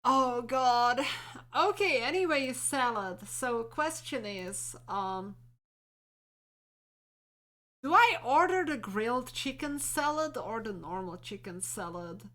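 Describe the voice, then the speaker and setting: A woman streamer chats casually with her viewers, thinking out loud with plenty of fillers. Her voice is bright and a little high, and she speaks at an unhurried pace. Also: expressive. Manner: chatty, thinking aloud with fillers.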